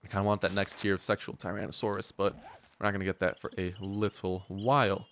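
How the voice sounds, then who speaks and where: A man's voice: deep voice, flat delivery, brisk, a bit bright, a little hiss or hum. A young man giving rambling, joking commentary while playing a survival video game. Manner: joking, rambling, playful mock speeches. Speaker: gaming YouTuber. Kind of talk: casual gameplay commentary.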